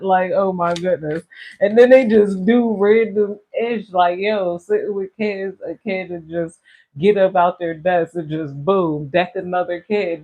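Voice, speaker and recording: A woman's voice: mid-range voice, fairly even intonation, unhurried, darkish tone. Chatty rambling woman tarot reader. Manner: rambling, chatty, slangy, laughs often. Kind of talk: casual tarot reading.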